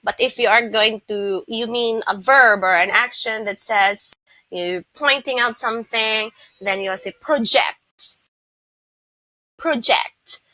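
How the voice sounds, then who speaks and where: A woman teaching English pronunciation, slowly modelling word stress and repeating example words. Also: a little high, pushed and bright, dry recording, low-quality recording. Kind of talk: online lesson.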